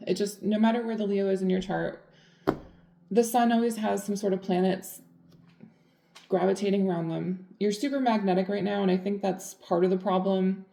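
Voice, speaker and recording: A woman's voice: medium pitch, normal speed, creaky, warm tone, echoey room, a little hiss or hum. A woman giving a casual tarot reading, chatty and blunt, full of fillers. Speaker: tarot reader.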